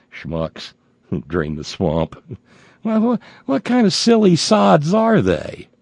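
Low gravelly guy ranting sarcastically on his talk show, voice jumping all over. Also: wildly swooping pitch, takes it slowly, darkish tone, dry recording. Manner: sarcastic, ranting, stumbling restarts. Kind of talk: political talk monologue.

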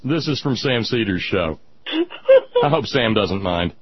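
A man's voice: lowish voice, animated, a little slow. A male radio talk show host in casual, blunt political chat, sardonic and full of restarts. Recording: dull lo-fi radio with faint hiss.

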